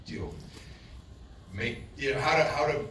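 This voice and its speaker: A man speaks as a guest on a convention panel, telling a story in a loose, animated way and often restarting his sentences. He sounds distant from the mic in a large echoing hall with a faint hum of room noise behind him. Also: mid-range voice, moderate pace. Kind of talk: casual panel talk.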